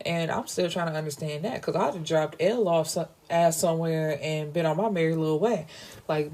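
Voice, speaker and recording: A woman book reviewer giving a chatty, animated recap of a novel, acting out the dialogue and adding her own asides. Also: fairly low pitch.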